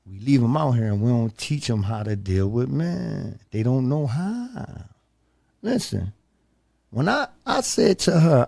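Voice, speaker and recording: Gravelly, animated man telling a story. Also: mid-range voice, measured pace. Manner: animated and emphatic, says "bro" often. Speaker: podcast host. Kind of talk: casual storytelling.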